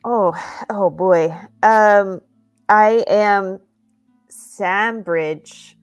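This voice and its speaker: A woman's voice: mid-range voice, extremely slow, smooth, lo-fi sound, faint music behind. A woman player in a tabletop game, speaking in character, hesitant with many ums.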